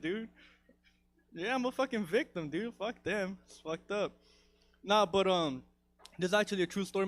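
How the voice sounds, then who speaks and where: A man's voice: high voice, fairly bright tone. A man telling a story in a stand-up set, rambling and profane and full of "dude" and "you know". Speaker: stand-up comedian.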